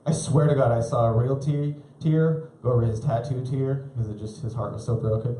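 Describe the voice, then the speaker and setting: A man's voice: steady tone, a little fast. Rambling stand-up comic man, roomy club. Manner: rambling, self-amused, jumps into high shouty voices for quoted people. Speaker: stand-up comedian. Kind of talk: live stand-up set. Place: live comedy club stage.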